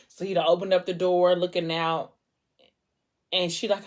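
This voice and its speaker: A woman's voice: fairly low pitch, steady tone, brisk. A young woman chatting at home about a book series she loves, loose and slangy, full of fillers. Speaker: book vlogger. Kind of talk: casual book discussion.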